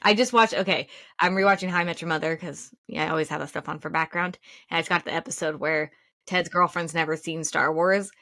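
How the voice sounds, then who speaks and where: A woman's voice: sits low, steady tone, fairly quick, bright, forceful tone, no room sound. A woman co-hosting a podcast in casual chat, talking loosely with lots of fillers and laughing easily. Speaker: podcast co-host.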